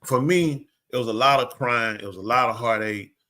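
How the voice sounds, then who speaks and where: An older male preacher with a medium-pitched voice tells stories at a moderate pace in casual talk. He's animated, acting out dialogue in a raised voice.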